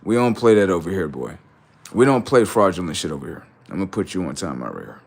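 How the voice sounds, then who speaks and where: A man's voice: low voice, big pitch swings, fast, creaky, a little mellow. A man hosting a casual livestream, mocking and scolding his chat with teasing, repetitive remarks. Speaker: livestream host.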